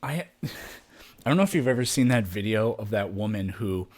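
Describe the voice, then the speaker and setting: A man's voice: on the low side, expressive, normal speed, darkish tone. A man on a podcast telling a long story in casual chat, rambling and swearing freely, jumping into raised voices to act out other people. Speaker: podcast co-host.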